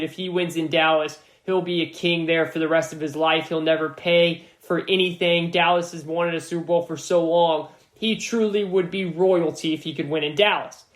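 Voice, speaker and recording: A man's voice: high-pitched, a bit bright. A man hosting a sports podcast, talking through his opinions in a casual, emphatic monologue and repeating points for stress. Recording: roomy echo.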